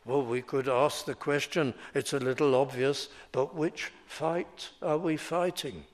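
A man preaching a sermon at an unhurried, deliberate pace. His voice sits at an ordinary middle pitch. He explains scripture carefully and leans on each quoted verse. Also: fairly even intonation. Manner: measured expository preaching, slowing to stress quoted scripture.

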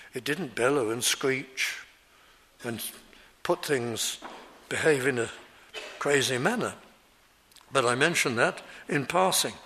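A male preacher giving an expository sermon, explaining a scripture passage verse by verse in an earnest, measured way. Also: a little high, a bit bright.

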